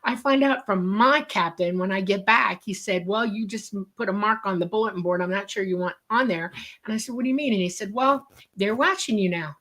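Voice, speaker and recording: A woman's voice: mid-range voice, fairly quick. Woman, casual interview storyteller, acts out the quotes, remote call audio. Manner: lively storyteller who acts out quoted dialogue.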